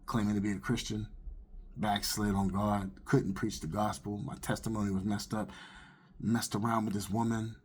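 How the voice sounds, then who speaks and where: Husky man telling his testimony. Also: on the low side, level tone, moderate pace, a little mellow. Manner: earnest, conversational storytelling. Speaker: testimony speaker. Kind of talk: personal testimony storytelling.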